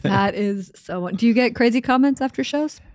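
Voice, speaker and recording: A woman from Northern Ireland, a comedian guest, chatting fast and laughing often. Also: fairly high pitch, darkish tone, no echo, studio quality. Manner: fast-talking, giggly, upbeat storyteller. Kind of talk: casual chat.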